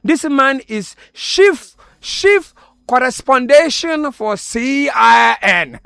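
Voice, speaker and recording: A man doing a squeaky boastful pidgin-English radio correspondent. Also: sing-song, drawn-out words, creaky, pushed and bright, smooth, no echo, studio quality, exaggerated voice. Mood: gossiping. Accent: Ghanaian Pidgin English. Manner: boastful, rambling broken English with frequent giggles. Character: boastful self-styled male international radio correspondent. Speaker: comic radio presenter. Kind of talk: comedy skit. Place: radio studio.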